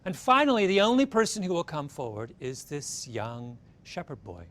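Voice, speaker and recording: A man retelling an ancient tale in a talk, his pitch swinging widely as he builds the tension. He keeps tossing "right?" to his listeners. A faint low rumble sits under his voice. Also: normal speed. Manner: animated, keeps checking in with "right?". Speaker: speaker retelling a story. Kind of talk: storytelling talk.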